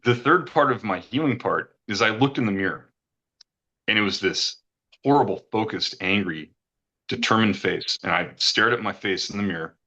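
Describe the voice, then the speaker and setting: A middle-aged man giving a retreat testimonial earnestly recounts a personal experience, rambling and repeating words as emotion rises. His fairly low voice is pushed and bright at normal speed, on a rough recording.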